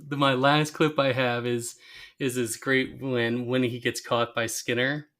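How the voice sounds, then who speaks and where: A man's voice: mid-range voice, unhurried, faint music behind. A man co-hosting a podcast, casually recapping a cartoon episode and acting out quoted lines. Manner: animated retelling with quoted lines. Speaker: podcast co-host.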